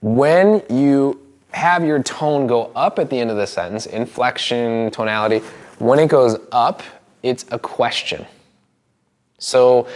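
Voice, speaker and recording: Guy running a live seminar, chatty and animated, acts out different tones, restarts a lot, middle pitch. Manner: animated, demonstrates tones and voices, many restarts. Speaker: NLP seminar trainer. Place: seminar room with a live audience.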